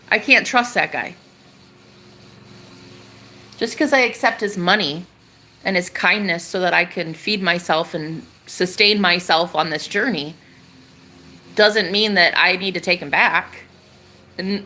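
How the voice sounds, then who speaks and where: A woman's voice: medium pitch, a little slow, long pauses, sharp tone. A young woman talking casually on a livestream, rambling and swearing as she addresses her viewers.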